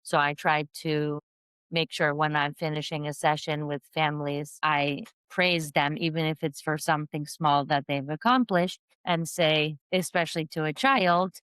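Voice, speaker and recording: A woman guest on a podcast, a parent coach and kindergarten teacher, explaining her views in an earnest, measured way. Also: low-pitched, fairly even intonation, fairly bright tone, clean tone, no echo. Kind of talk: podcast interview.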